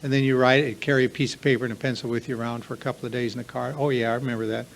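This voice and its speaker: A man's voice: medium pitch, steady tone, very fast, gravelly, a little hiss or hum. A man giving a confessional recovery workshop talk to a live group, earnest and emphatic, piling up repeated lists. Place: meeting room with a live audience.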